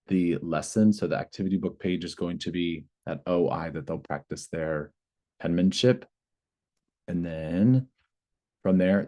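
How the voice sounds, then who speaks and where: A man with a very low, mellow voice walks trainees through a lesson plan. He explains steps in plain words, with the odd filler as he goes. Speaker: teacher trainer. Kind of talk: presenting a teacher training session.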